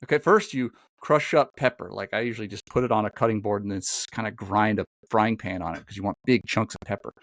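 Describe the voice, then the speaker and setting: This man's podcast chat is casual as he rambles through a long story, stumbling over fillers and restarts. His voice is lowish and a bit bright, and he talks quickly with few pauses, with no room sound.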